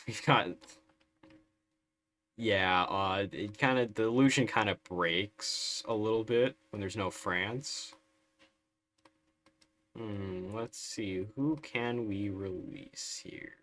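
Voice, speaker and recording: Man, low voice, unhurried drawl, wry live game commentary, keyboard clicks behind. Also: a bit bright. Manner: wry, sarcastic, chatty. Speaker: streamer.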